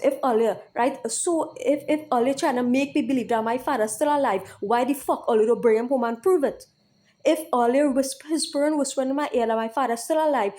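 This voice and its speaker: A woman's voice: a little high, dark tone. A woman delivering an angry venting monologue, repetitive and emphatic with profanity, who keeps asking "right?".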